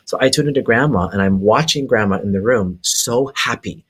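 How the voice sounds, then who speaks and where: Husky man, medium-pitched, lively storyteller who laughs along with his own tale. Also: fairly quick. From Hawaii. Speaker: psychic medium guest. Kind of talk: casual storytelling.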